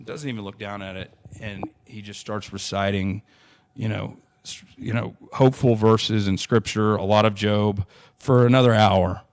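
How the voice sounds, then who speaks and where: A young adult man with a drawl recounts a personal story as a podcast guest. His voice sits somewhat low, and it is recorded close and dry. He talks in earnest bursts, often restarting his sentences. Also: fairly even intonation, moderate pace, dry recording. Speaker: interview guest.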